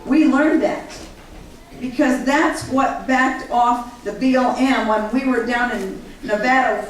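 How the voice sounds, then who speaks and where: Recorded from afar in a big, reverberant hall with a faint hiss, a woman recounts her own experiences to a live audience at a public gathering. Her slightly high voice carries earnest energy, and she brings the people she quotes to life by mimicking them.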